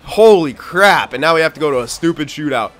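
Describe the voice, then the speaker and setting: A young man giving live commentary on his own video game, excitable and frustrated, swearing and shouting at his teammates. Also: on the high side, a little fast, soft background music. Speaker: gaming video host.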